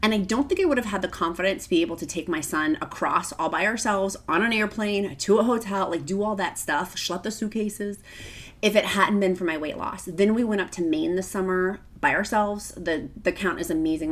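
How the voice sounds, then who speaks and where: A woman's voice: fairly low pitch, fairly quick. A middle-aged woman vlogging to camera in a casual, emotional, gushing way, often close to tears. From Virginia, United States.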